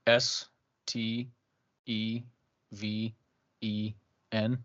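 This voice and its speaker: A man's voice: on the low side, flat delivery, drawn-out words, fairly bright tone, lo-fi sound. Man giving short affirming replies. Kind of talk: casual chat.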